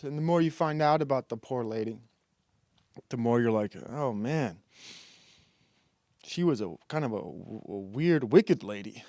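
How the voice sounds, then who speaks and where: A man's voice: mid-range voice, normal speed, darkish tone, dry recording, clean studio sound. Mocking, rambling male streamer. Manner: rambling, mocking, laughs at his own jokes. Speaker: streamer host. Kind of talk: casual comedic monologue reacting to videos.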